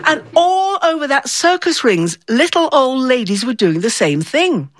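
Lively woman storyteller. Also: high-pitched, a little slow. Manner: animated, acts out voices of people in the story. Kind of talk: live storytelling performance.

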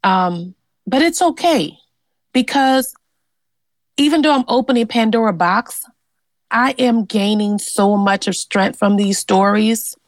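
A woman's voice: mid-range voice, takes it slowly, no room sound, poor audio. Woman telling her family history in an interview, earnest, lots of ums, close dry sound. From Louisiana. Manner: earnest and animated, with fillers. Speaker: interviewee, genealogist. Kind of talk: personal storytelling.

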